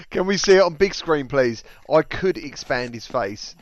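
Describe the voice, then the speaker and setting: A man's voice: fairly high pitch, animated, slow pace, no room sound. A man hosting a casual gaming livestream, greeting viewers and reading out chat messages. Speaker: livestream host.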